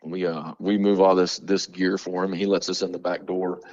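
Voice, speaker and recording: A man from Alabama, a drummer telling stories in a casual interview, animated, slangy and quick to laugh. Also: low-pitched, highs cut off. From Montgomery, Alabama. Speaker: guest musician, drummer.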